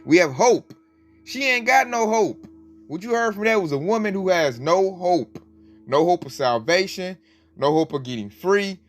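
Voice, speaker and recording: A man's voice: high-pitched, animated, moderate pace, faint music behind. A man giving emphatic, colloquial commentary with a preaching edge, often breaking into laughs. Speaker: religious commentator.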